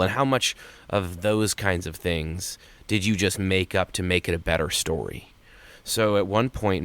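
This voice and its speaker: Author guest, male, very deep voice, lively and emphatic delivery. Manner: animated, emphatic pitch jumps. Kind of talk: casual podcast interview.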